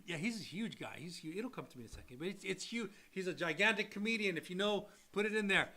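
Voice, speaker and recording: Animated, bright-voiced podcast co-host. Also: male voice, high voice, fast. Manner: animated, acts out quotes in voices, laughs often. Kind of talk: casual chat.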